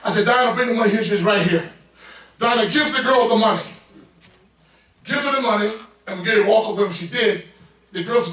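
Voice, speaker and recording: A middle-aged man preaches a sermon in a high, bright voice that builds into loud bursts as he calls out to his congregation. He is caught from across the sanctuary, with a heavy ring of the church room around every word. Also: lively intonation, moderate pace, long pauses. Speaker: pastor. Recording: echoey church from far off.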